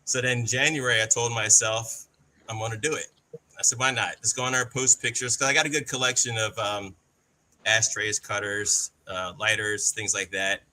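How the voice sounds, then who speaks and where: An easygoing man chats as a podcast guest and acts out the dialogue in his story. His voice is very bright and forceful. Faint noise sits behind him. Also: fairly low pitch, fairly even intonation, normal speed. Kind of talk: casual storytelling.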